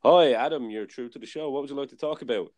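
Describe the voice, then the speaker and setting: A man's voice: medium pitch, fast, a little mellow, voice pushed up, natural voice. A man putting on a cheeky male radio host who fakes a producer in a Barnsley accent, with breezy mock-friendly patter. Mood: mischievous. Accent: put-on Barnsley.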